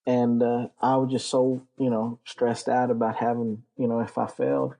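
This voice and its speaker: Guest spot: mellow, husky Texas-raised man, rambling profane storyteller. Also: mid-range voice, level tone, moderate pace, low-quality recording. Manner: rambling, profane, lots of fillers. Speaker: interview guest, Navy veteran. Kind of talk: casual storytelling.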